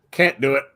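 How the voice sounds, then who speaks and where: A young man hosting a live watch-along, talking casually and rambling, with stammered restarts as he gives his commentary. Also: bright, forceful tone.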